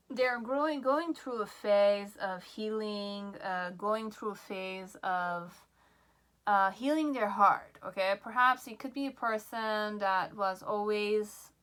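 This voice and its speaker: A woman reads tarot cards for her viewers at an unhurried pace. Her voice is bright and forward, and she sounds excited. She keeps breaking off with "okay?" and is a little out of breath. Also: mid-range voice, clear, resonant tone. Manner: excitable, repeats "okay?" often, laughs. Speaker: tarot reader. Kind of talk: pick-a-card tarot reading.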